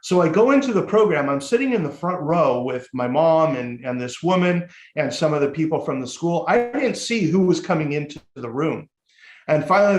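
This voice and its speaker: A man's voice: fairly high pitch, fairly quick. Candid man telling his story, echoey room. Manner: lively and candid, casual swearing. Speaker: guest, motivational speaker and life coach. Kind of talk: storytelling in a casual podcast interview.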